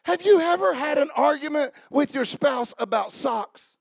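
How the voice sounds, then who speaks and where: High-voiced preacher, shouting and hushing. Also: male voice, lively intonation, moderate pace, creaky, dry recording, studio quality. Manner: swings from shouted exhortation to hushed asides; repetitive call-and-response preaching. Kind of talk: sermon.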